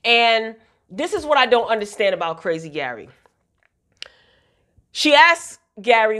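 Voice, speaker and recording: A woman's voice: on the high side, sing-song, moderate pace, pauses often, fairly bright tone. Woman, casual vlog, TV recap, chatty, opinionated, exasperated. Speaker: TV episode reviewer.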